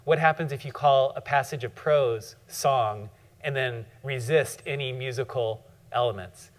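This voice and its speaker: A man giving a thoughtful classroom lecture on poetry, often pausing and reading poem lines slowly. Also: medium pitch. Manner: frequent fillers and restarts.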